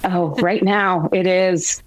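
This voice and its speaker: Woman guest talking grammar, tells stories, kinda low voice, dead dry audio. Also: slow pace, no room sound, low-quality recording. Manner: storytelling, animated quotes. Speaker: guest, grammar expert and author. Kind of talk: interview conversation.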